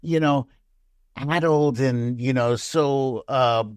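A man in casual political chat, animated, acting out quotes with big jumps in pitch. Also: slow pace, clear, resonant tone, no room sound.

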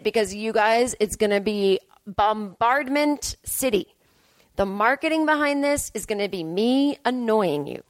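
A woman comedian in her thirties talking in a hotel room, rambling and self-deprecating as she hosts a casual solo podcast, jumping into high excited voices when she quotes herself. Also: moderate pace, no echo.

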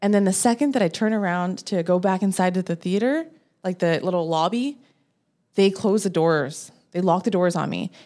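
Animated woman telling a story. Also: moderate pace. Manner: animated, acts out her own quotes with rising pitch. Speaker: podcast guest, producer. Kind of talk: casual storytelling.

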